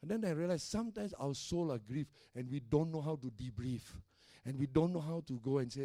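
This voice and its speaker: A middle-aged male pastor preaching with a high, ringing voice that rises and drops for emphasis. His delivery is emphatic, punctuated by quick checks with the congregation, and the sound is dry and close with almost no room echo. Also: expressive, dark tone. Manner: emphatic preaching with call-and-response tags. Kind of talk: sermon.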